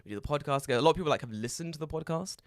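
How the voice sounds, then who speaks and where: A man's voice: a little high, rapid-fire, no echo, studio quality. A man co-hosting a casual podcast, telling stories with lots of energy, swearing and laughing often. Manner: animated storyteller, swears, laughs a lot. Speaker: podcast co-host. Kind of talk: casual chat.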